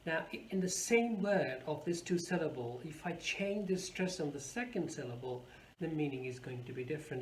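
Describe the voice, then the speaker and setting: Guy teaching pronunciation, slow careful repeats, kinda high voice, echoey room. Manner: explains slowly, repeats words with careful stress. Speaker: English teacher. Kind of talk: pronunciation lesson. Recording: echoey room with faint hum.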